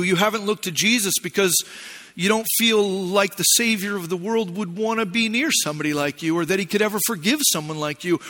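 High, bright-voiced pastor telling stories. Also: male voice, big-room sound. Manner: storytelling, animated, playful asides. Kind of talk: sermon.

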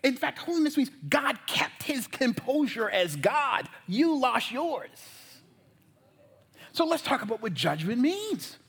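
Animated high-voiced pastor preaching. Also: male voice, measured pace, vocal fry, slightly rough. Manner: animated, folksy preaching with jokes and asides to the congregation. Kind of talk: sermon.

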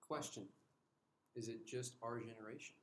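A man's voice: medium pitch, moderate pace. Playful young man co-hosting a podcast. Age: 20s. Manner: jokey, playful, addresses listeners. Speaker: podcast co-host. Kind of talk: casual podcast chat.

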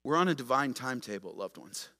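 A man preaching a sermon as pastor, moving from quiet storytelling to loud, emphatic exhortation. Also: mid-range voice, lively intonation, quick pace.

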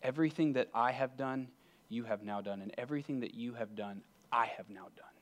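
A man voicing a gentle, self-giving rescuer, speaking softly and slowly. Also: mid-range voice, natural voice. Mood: tender quiet.

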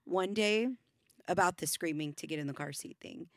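A woman co-hosting a casual podcast, giving quick backchannels and telling her own parenting stories. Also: fairly low pitch, dry recording, studio quality. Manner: quick backchannels, plain chatty storytelling. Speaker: podcast co-host; mother. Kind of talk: casual chat.

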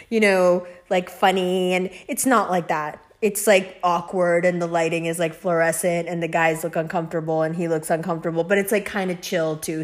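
A young woman hosting a podcast, telling rambling, profane stories in a casual monologue, laughing often. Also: fairly low pitch. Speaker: podcast host.

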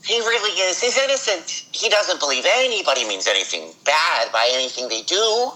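Man voicing a sweet innocent ice cream man, high pitch, gentle and slow, kindly. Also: very animated, rough recording.

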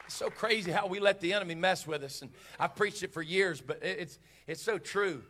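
A man preaching a sermon as pastor, impassioned and building to shouted climaxes. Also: sits high, a little fast, noisy background.

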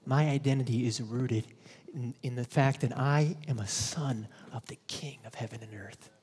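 A man's voice: mid-range voice, moderate pace, a little mellow, in a large hall, a little hiss or hum. A male pastor preaching a conversational sermon, telling stories and laughing at himself.

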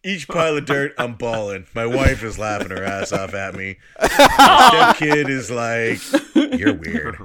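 A man telling a story to friends in casual chat, animated, swearing and laughing as he goes. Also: medium pitch, unhurried, crowd noise.

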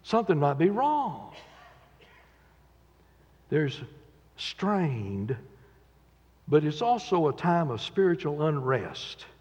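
A man preaching a sermon in a church, dramatically acting out quotes and swinging between loud and quiet. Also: on the high side, very animated, slow pace, pauses often, breathy edge. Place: church sanctuary. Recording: dull echoey church recording with long reverb.

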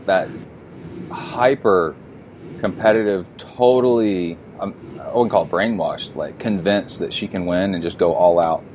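A man's voice: low-pitched, a little slow, a little mellow, slight background noise. A man, a podcast host, chatting casually and joking, wandering as he talks. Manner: joking, rambling, moves around while talking. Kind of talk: casual chat.

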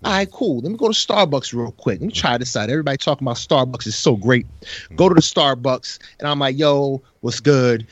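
A man's voice: medium pitch, a little fast, no room sound. Laughing man telling a story on a podcast. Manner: animated storyteller, laughs often. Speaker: podcast host. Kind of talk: casual chat. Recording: dull lo-fi audio.

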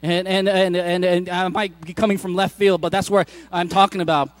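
A man with a notably high voice preaches to his congregation in an easygoing, joking way, often restarting his sentences. He sounds middle-aged. The sound is close and dry. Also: level tone, moderate pace, no echo. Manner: conversational, joking asides with frequent restarts. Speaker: pastor. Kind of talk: sermon. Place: church.

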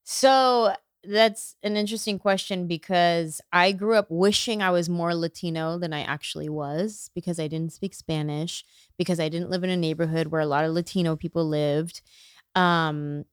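Smooth-voiced woman, animated and chatty. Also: fairly low pitch, dry recording, studio quality. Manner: animated, acts out quoted voices. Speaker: comedian guest. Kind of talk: casual interview chat.

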